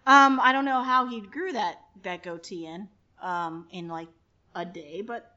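A woman's voice: mid-range voice, a little slow, sharp tone. A woman hosting a podcast, chatting casually in a brash, joking, profane way. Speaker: podcast host. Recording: dull lo-fi podcast audio.

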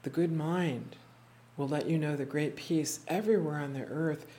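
A teacher speaking to a small class, retelling stories in a reflective, unhurried way, acting out the quoted voices and often restarting words. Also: medium pitch, steady tone, warm tone. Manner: halting restarts and repeated words. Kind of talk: storytelling talk to a small group. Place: indoor room with a small group.

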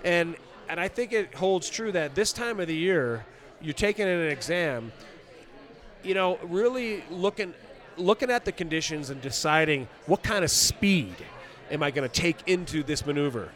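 A man's voice: a little high, expressive, normal speed, fairly bright tone. A man who coaches skiing, talking practically and encouragingly in an outdoor interview. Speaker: ski coach and exam selector.

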